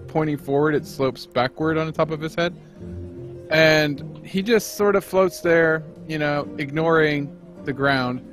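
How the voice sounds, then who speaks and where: Higher-voiced man describing a creature. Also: fairly bright tone. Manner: casual, many fillers. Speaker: player. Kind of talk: describing a creature in a tabletop game.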